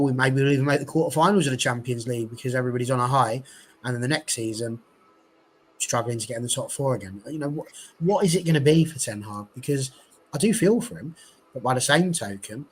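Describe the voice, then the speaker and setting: A man's voice: medium pitch, slight background noise, low-quality recording. A man hosting a casual fan chat, musing aloud and posing rhetorical questions to his co-hosts.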